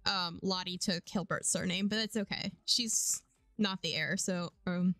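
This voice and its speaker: A young woman streaming a life-sim game, chatting casually and getting excited and squealy at times. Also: lowish voice, a little slow, no echo, studio quality. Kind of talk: casual gameplay commentary.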